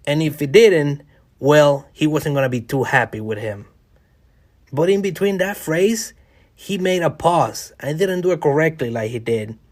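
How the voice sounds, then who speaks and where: A man talking through a solo podcast episode in a relaxed, conversational way. His pitch sits in an ordinary middle range, and he speaks wryly while addressing listeners directly. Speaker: podcast host. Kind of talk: casual solo podcast monologue.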